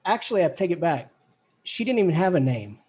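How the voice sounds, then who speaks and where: A man teaching a college English class, lively and casual, chanting poetic rhythms aloud to show the beat. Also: sits high, brisk, slightly rough. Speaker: English professor. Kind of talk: classroom lecture.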